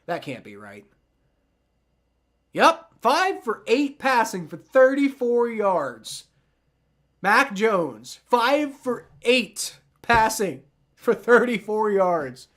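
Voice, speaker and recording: A man hosting a live football reaction stream, rambling excitedly and talking straight to his chat. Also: sits high, extremely slow. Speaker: livestream sports reaction host. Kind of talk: live game reaction commentary.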